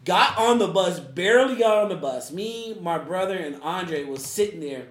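A man tells a funny personal anecdote in loose, casual speech, laughing often as he goes. His voice is high-pitched and expressive at a moderate pace, and the sound is roomy.

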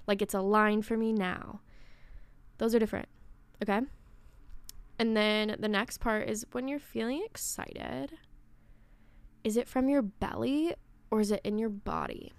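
Young female podcast host, casual and animated, smooth tone, dry recording, occasional whispered asides. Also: medium pitch, normal speed, no room sound. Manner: chatty, swearing, with whispered asides. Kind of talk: casual spiritual podcast monologue.

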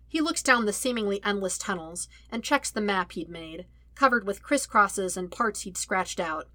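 A woman narrating a fan-fiction audiobook with a lively, wry storytelling manner. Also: medium pitch, dry recording. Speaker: audiobook reader.

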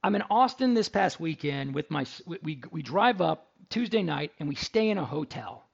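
A middle-aged man hosts a radio talk show, telling stories in a chatty, joking way. His voice sits high and has a gravelly rasp. The recording sounds a little dull and lo-fi. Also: big pitch swings, normal speed. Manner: chatty, jokey storyteller. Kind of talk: casual radio talk and ad read.

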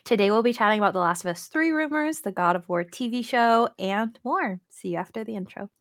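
A woman's voice: medium pitch, expressive, fairly quick. A woman hosting a casual podcast, chatting in a giggly way with lots of "like" and "um". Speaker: podcast host.

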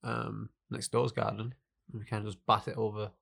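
A man's voice: lowish voice, little pitch movement, moderate pace, gravelly, fairly bright tone, breathy edge. A man co-hosting a casual banter podcast, throwing in dry jokes and asides. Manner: dry quips and joking asides. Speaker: podcast co-host.

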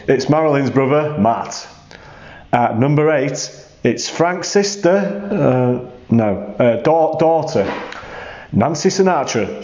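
A man's voice: mid-range voice, lively intonation, takes it slowly, a little mellow, reverberant, lo-fi sound. A man reading out jury votes in a jokey way, half-singing the song titles, on a home recording. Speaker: jury member sending in votes. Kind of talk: recorded vote announcement.

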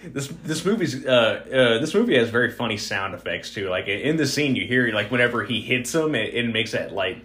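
A man's voice: medium pitch, lively intonation, brisk, a bit bright. A man chatting casually about a film, hesitant with fillers and self-corrections. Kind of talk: casual movie discussion.

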